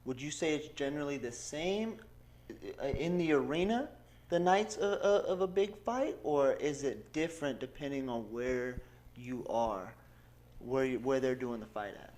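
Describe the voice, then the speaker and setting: A man's voice: medium pitch, moderate pace, darkish tone. Hesitant male podcast host. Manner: hesitant, searching for words. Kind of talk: interview question.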